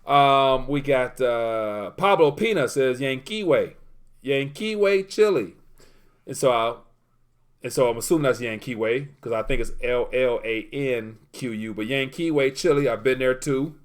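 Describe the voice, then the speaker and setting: A man's voice: mid-range voice, steady tone, a little slow, clear, resonant tone. A man hosting a casual livestream, reading viewer comments aloud and rambling while he looks things up. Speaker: livestream host.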